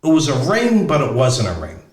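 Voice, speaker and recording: A man's voice: on the high side, very animated, a little fast, echoey room. A middle-aged man telling a story casually, blunt and profane, often restarting as he searches for words. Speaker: podcast host.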